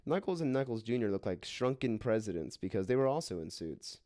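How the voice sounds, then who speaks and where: A man's voice: fairly low pitch, very animated, fairly quick, dark tone, no echo, clean studio sound. A man reading an absurd fan fiction aloud for laughs, hamming up the quoted lines and often cracking up. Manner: hammy voices for quoted lines, breaks into laughter. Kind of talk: comedic dramatic reading.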